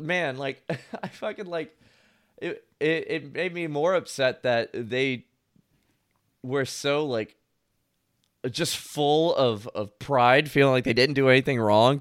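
A man's voice: medium pitch, unhurried, fairly bright tone, dry recording, studio quality. A man telling stories in casual chat, rambling with lots of "like" and frequent laughter.

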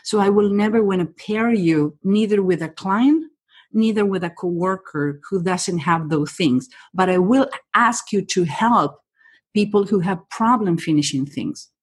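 A woman's voice: mid-range voice, slightly rough. A woman speaking as a human behavior expert on a podcast, reading the listener point by point in direct, non-native English. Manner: direct and rapid-fire, reads the listener point by point, says "honey". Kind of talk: casual podcast conversation.

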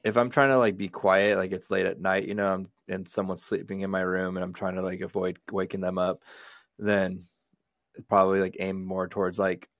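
A man's voice: sits low, little pitch movement, normal speed, no room sound, clean studio sound. A man co-hosting a podcast, talking in a laid-back, rambling, crude way. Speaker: podcast co-host. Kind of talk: casual podcast chat.

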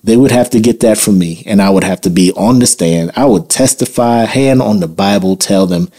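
A podcast host in a heated opinion monologue, blunt and profane. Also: male voice, on the low side, normal speed, dark tone, husky.

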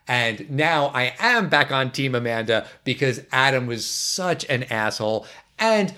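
Man, podcast host, casual movie chat, opinionated, lively. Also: mid-range voice.

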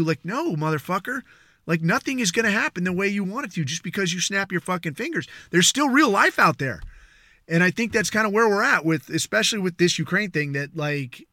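A man hosting a podcast, ranting casually and rambling, with frequent swearing and "dude" tossed around. His voice sits fairly high and sounds bright and tense. He slips into mocking voices for others now and then. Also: animated, no room sound, studio quality. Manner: acts out others in quick mocking asides. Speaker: podcast host. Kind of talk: casual political rant.

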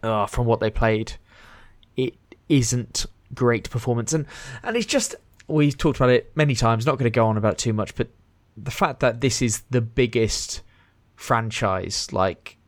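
A man's voice: medium pitch, normal speed, no echo. A man co-hosting a gaming podcast, chatting casually and rambling with fillers and restarts. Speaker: podcast co-host. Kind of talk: casual chat.

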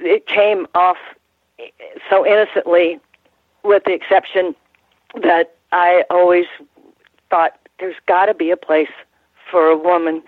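An older woman, a guest in an interview, telling stories in a rambling, halting way with frequent restarts and laughs. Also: fairly low pitch, no room sound. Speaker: guest, former ring announcer. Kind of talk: casual interview storytelling. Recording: tinny phone line.

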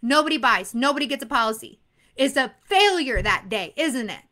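Bright, high-voiced woman coaching exam takers. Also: normal speed. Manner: energetic, animated, laughs often; repeats phrases for emphasis. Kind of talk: motivational talk to students.

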